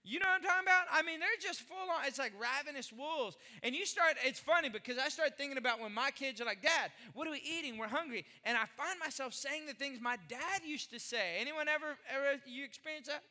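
A man from Texas preaches a sermon with a strikingly high and very bright voice. He is middle-aged, animated and jokey, and he tells stories and fires off rhetorical questions. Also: fairly quick, few pauses. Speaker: pastor.

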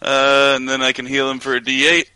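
A man's voice: medium pitch, monotone, fairly quick, pushed and bright, clear, resonant tone, dry recording, low-quality recording. A man from Florida playing a tabletop game, brash and eager. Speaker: player. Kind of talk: casual tabletop game play.

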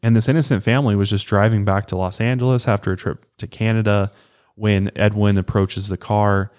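A man with a notably deep, low voice talks through a true crime story in a relaxed, casual podcast manner. He tells it conversationally and keeps the flow going like he is chatting with a friend. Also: brisk, clear, resonant tone. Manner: casual, conversational retelling with acted quotes. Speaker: podcast co-host.

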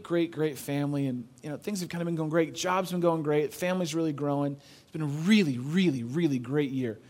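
A pastor preaching a sermon in an earnest, conversational way, telling a story and repeating phrases for emphasis. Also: male voice, on the high side, a little mellow. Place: church.

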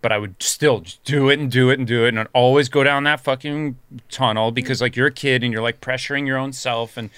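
A man with a bright, forceful voice tells an animated story in casual chat, swearing freely and acting out what people said. The sound is close and dry, with no room around it. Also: medium pitch, quick pace, clean tone, no room sound.

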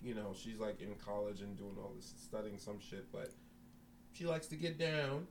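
A man's voice: on the low side, moderate pace, vocal fry, recorded from a distance, slight background noise. A man telling a profane story in a casual chat among friends, acting out voices in his quotes.

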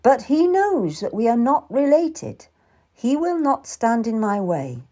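A woman reading the lines of a calm, tender young Tudor man who is courting, in an audiobook. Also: a little high, slow, pitched above the performer's own voice, full character voice. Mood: earnest. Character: young Tudor man, earnest gentle suitor.

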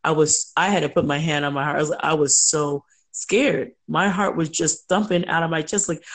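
A middle-aged woman telling personal stories as an interview guest, lively, laughing often and acting out quoted voices. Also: low-pitched, normal speed, husky. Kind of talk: conversational interview storytelling.

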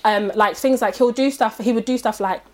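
A woman, animatedly telling a story in casual chat and acting out the people in it. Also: fairly quick. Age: 30s. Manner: animated, acts out quotes in high voices.

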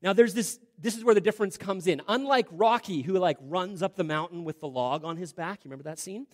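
A male pastor delivers a sermon in a slightly raised voice. He talks casually, asks his listeners questions, and drops low and quiet to stress a point. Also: a little fast. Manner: conversational preaching with rhetorical questions, dropping to quiet emphasis.

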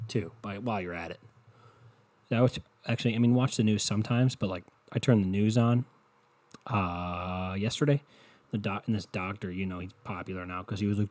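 A man's voice: on the low side, brisk, darkish tone. Swearing, frustrated man ranting on a podcast. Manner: profane, frustrated, sarcastic ranting. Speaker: podcast host. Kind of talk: casual solo podcast rant. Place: indoors at home. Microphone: USB podcast mic with windscreen.

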